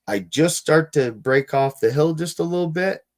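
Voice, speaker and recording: A man's voice: on the high side, expressive, normal speed. A man telling a story as a guest in a casual interview, rambling with frequent restarts and fillers. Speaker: guest, Bigfoot field researcher.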